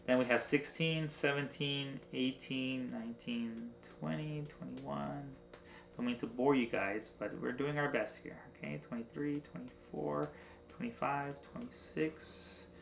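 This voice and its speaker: A man giving a casual screen-share tutorial on window cleaning prices, thinking aloud and counting slowly with plenty of hesitation. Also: mid-range voice, gravelly, a bit bright, echoey room, a little hiss or hum. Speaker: window cleaning business owner.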